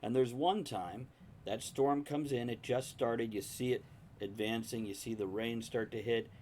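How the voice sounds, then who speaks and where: A man's voice: medium pitch, fairly even intonation, unhurried, darkish tone. Man telling a vivid story over faint noise. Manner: vivid storyteller, acts out scenes. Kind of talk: casual anecdote telling.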